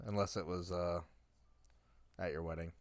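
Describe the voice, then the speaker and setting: A man's voice: sits low, fairly even intonation, normal speed. A man co-hosting a podcast, laughing, swearing and firing back with sarcastic comebacks. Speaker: podcast co-host. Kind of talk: casual wrestling podcast banter.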